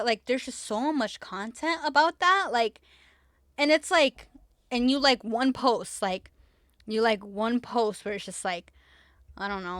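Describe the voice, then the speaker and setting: A woman's voice: fairly high pitch, fairly bright tone, dry recording, studio quality. A woman hosting a podcast in casual chat, talking emphatically with lots of "like", repeating herself and swearing freely. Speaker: podcast host.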